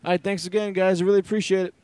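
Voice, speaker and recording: A man with a New York accent hosts a podcast in a relaxed, appreciative way, now and then tripping over words. His voice sits a bit high for a man. The sound is close and completely dry. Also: clear, resonant tone, no echo. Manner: relaxed, appreciative, slightly halting. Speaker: podcast host. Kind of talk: casual chat.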